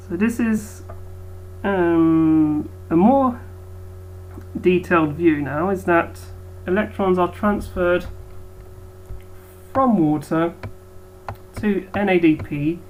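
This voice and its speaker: A woman's voice: lowish voice, a little mellow, a little hiss or hum, poor audio. A woman biology teacher giving a recorded lecture, hesitant with frequent ums.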